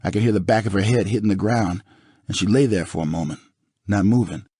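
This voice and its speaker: A man narrating an audiobook in the first person with a dramatic, expressive reading. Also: lowish voice, brisk, husky, dry recording, studio quality.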